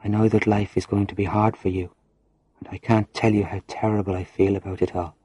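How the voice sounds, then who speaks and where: A man's voice: fairly low pitch, flat delivery, a little fast, warm tone, slightly rough. A man reading a farewell letter as a condemned male prisoner, grave and resigned.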